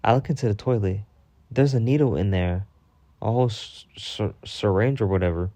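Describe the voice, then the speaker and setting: A man telling casual storytime anecdotes, profane and animated, with sudden high-pitched bursts when he quotes himself. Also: moderate pace, no echo. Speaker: storytime vlogger.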